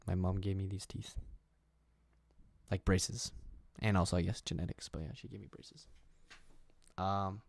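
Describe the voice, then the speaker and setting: A man's voice: low-pitched, level tone, a little slow, vocal fry, pauses often, a little mellow. Easygoing young man chatting on a livestream. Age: 20s. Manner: rambling, easygoing, laughs at himself. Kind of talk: casual livestream chat, reading viewer comments. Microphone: desk microphone and headset.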